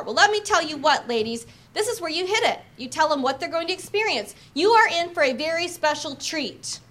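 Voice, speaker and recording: A woman sales trainer coaching an audience on opening talks, acting out sample pitches with energy and emphasis. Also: animated, brisk, few pauses, a bit bright. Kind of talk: training talk with demonstrations.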